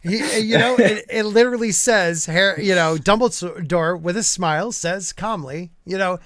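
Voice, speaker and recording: Chatty high-voiced male podcast host. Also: moderate pace, fairly bright tone, no echo, clean studio sound. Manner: loose and chatty, with many fillers and asides. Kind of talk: casual podcast chat.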